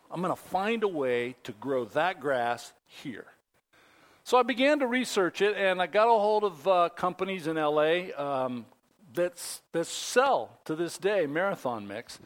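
A high-voiced man delivers a sermon as a folksy, rambling story. He talks casually to his listeners and fills the gaps with plenty of fillers and restarts. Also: expressive, measured pace, fairly bright tone. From Pacific Northwest. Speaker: pastor.

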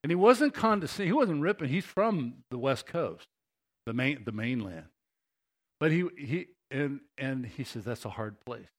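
A man's voice: medium pitch, lively intonation, moderate pace. A man preaching a sermon as pastor, talking conversationally and building to impassioned emphasis.

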